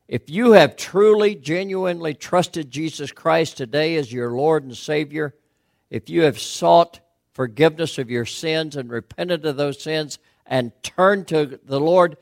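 A man's voice: fairly high pitch, unhurried, gravelly, dry recording, studio quality. A middle-aged man preaching a sermon as a pastor, questioning his listeners earnestly and building to emphatic peaks.

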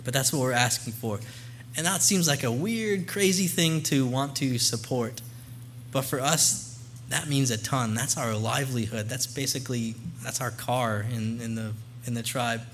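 Man, middle pitch, earnest conversational church talk, faint background hum. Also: normal speed, fairly bright tone. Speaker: missionary guest speaker. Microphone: handheld or stand mic.

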